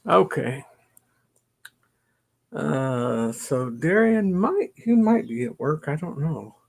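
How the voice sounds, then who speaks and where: Slow, gravelly middle-aged man rambling. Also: fairly high pitch, lively intonation, darkish tone. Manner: rambling, self-deprecating, mutters to himself. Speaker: YouTube channel host. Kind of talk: casual chat to camera. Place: home basement.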